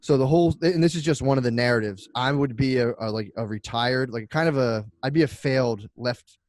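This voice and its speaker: A man co-hosting a casual comedy podcast, rambling and laughing as he pitches a bit, acting out the voices. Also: fairly quick, a little mellow, no echo. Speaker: podcast co-host.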